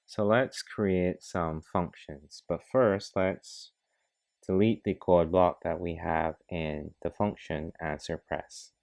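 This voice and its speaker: Low-voiced guy slowly walking thru a coding tutorial step by step. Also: steady tone, creaky, darkish tone. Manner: slow, methodical, talks through each step. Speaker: programming tutor. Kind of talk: screen-recorded coding tutorial.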